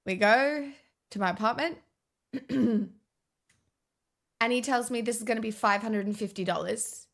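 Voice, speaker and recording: A woman's voice: a little high, measured pace, vocal fry, long pauses. A young woman, chatting casually as a vlogger, swearing often and restarting her sentences. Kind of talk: casual storytime chat.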